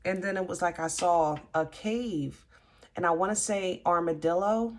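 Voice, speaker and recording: A woman giving a casual tarot reading, halting and gently reassuring, often restarting her sentences. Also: fairly low pitch. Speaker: tarot reader.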